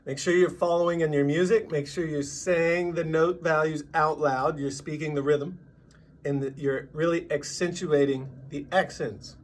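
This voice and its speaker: A man teaching a drum lesson, patiently explaining and counting sixteenth-note rhythms out loud. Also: fairly high pitch, steady tone, normal speed, a little hiss or hum.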